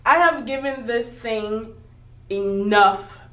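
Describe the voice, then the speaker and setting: A woman's voice: fairly high pitch, takes it slowly, a bit bright, distant mic. A woman in her thirties, an interview guest, candidly telling a hard personal story and laughing through it. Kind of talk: emotional personal testimony. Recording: echoey room, voice from off-mic.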